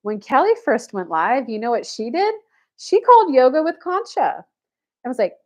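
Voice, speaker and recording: A woman's voice: high-pitched, normal speed. A woman who coaches and gives spiritual readings, telling a story on a livestream about herself in the third person and acting out the people in it. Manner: animated storytelling, talks about herself in third person, acts out quoted voices.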